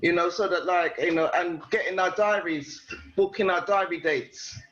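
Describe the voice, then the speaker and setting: A man's voice: high-pitched, fairly even intonation, moderate pace, fairly bright tone, highs cut off. A man, a team leader, talking in a loose, rambling way full of fillers on a video call. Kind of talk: casual chat on a video call.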